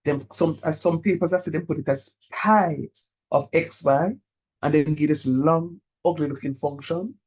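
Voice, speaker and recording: Male math lecturer, husky, slightly high voice, patient and encouraging. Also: fairly even intonation, a little mellow, rough recording. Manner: encouraging, repeats key points slowly. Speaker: calculus lecturer.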